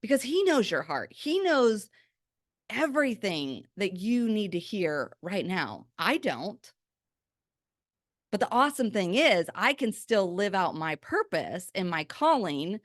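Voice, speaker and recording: A woman hosting a faith-based podcast, talking in a chatty, energetic way full of "like" fillers. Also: mid-range voice, dry recording, studio quality. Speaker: podcast host. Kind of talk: faith-based pep talk.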